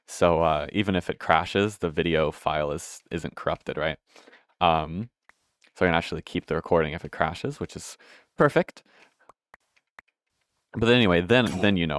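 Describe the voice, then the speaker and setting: In a low, clean voice with no echo, a gameplay streamer rambles casually as he plays, swearing a lot and poking fun at himself. He comes across as out of breath.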